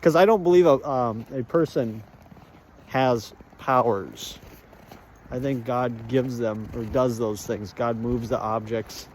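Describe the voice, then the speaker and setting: A man with a slow, slightly mellow, medium-pitched voice rambles and jokes while vlogging on a rural walk. The monologue is chatty and full of fillers, and there's slight background noise.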